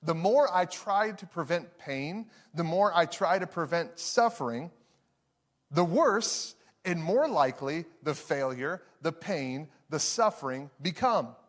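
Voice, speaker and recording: A man's voice: a little high, lively intonation, a little slow. A man in his thirties, a pastor preaching a sermon to a live room, telling a story with frequent restarts and acting out the voices in it. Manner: acts out voices in anecdotes. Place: church hall with live audience.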